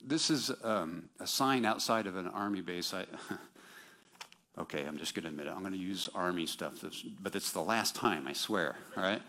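A man's voice: sits low, moderate pace, pushed and bright. A man preaching a sermon in a conversational, self-deprecating way, with sarcastic mock quotes.

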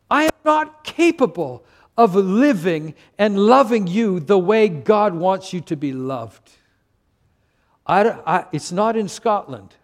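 An older man from Canada, a pastor preaching a sermon with earnest emphasis and frequent stammered restarts. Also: high voice.

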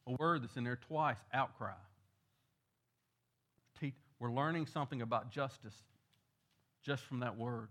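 A man's voice: mid-range voice, a little slow, long pauses, a bit bright. A male pastor, preaching a sermon, building in emphasis on key points.

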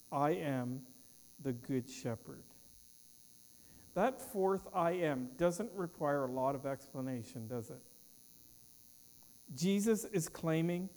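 Male pastor, slow deliberate sermon, fairly high voice, long church echo, mains hum. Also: a little mellow. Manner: measured, emphatic preaching cadence, trailing off at phrase ends.

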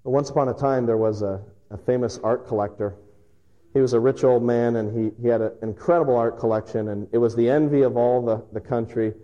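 A male pastor preaching a sermon, telling stories with emphatic pauses. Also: mid-range voice, steady tone, warm tone, highs cut off. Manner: storytelling, emphatic with dramatic pauses.

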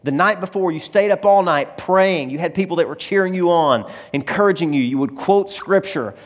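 A male pastor delivering a sermon in a fairly high voice. He shifts between forceful, emphatic lines and quiet, low passages. He sounds moved, almost to tears. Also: normal speed, highs cut off. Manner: expressive, swings between loud emphasis and hushed low delivery; emotional, close to tears.

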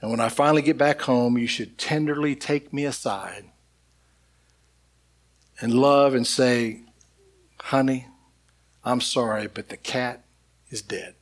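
A man voicing an exasperated wife who lectures her husband on breaking bad news slowly. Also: medium pitch, natural voice.

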